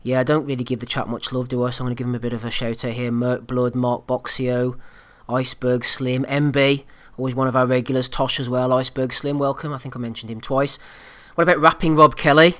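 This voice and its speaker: A man's voice: medium pitch, flat delivery, brisk, bright, forceful tone. Chatty man hosting a podcast. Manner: chatty, teasing, reads out listener names. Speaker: podcast host. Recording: muffled online call audio.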